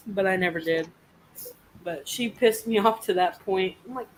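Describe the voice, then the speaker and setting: A woman's voice: medium pitch, measured pace, pauses often, poor audio. A young woman telling a story in a casual live chat, swearing freely and acting out the people she quotes. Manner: profane, animated storytelling.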